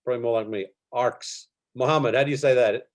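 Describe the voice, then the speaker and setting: Racing along in a mid-range voice, a middle-aged animation instructor teaches a live online workshop over video call. He keeps things casual and talkative, full of fillers and soft chuckles.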